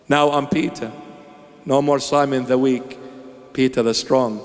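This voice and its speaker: A man's voice: mid-range voice, fairly even intonation, unhurried, pauses often. A man delivering an emphatic, theatrical sermon as a preacher. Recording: long echoing reverb.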